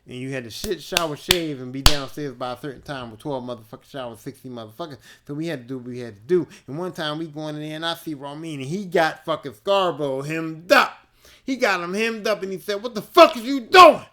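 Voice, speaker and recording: A male podcast host telling a casual story alone, laid-back, profane and animated. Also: fairly high pitch, fairly quick.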